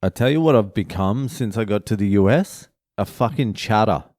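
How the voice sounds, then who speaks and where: A man's voice: on the low side, normal speed, a little mellow, no room sound, studio quality. An Australian man, a comedian, telling rambling, profane stories in a solo chat. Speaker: comedian and podcast host.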